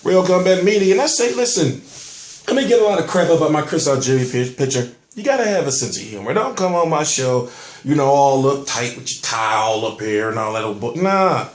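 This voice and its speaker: A man's voice: a little high, big pitch swings, fairly quick, reverberant. Rambling man hosting a boxing vlog. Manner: rambling, rhetorical questions, profane street talk. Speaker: boxing show host. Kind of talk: casual boxing commentary vlog.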